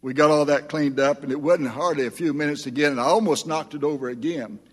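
A man's voice: a little high, fast talker, slightly rough, long reverb tail. An older man preaching a sermon as pastor, earnest and emphatic as he reads scripture.

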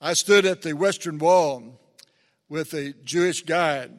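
Male preacher, somewhat high voice, earnest delivery with emphatic peaks, long hall reverb. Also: takes it slowly. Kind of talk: sermon.

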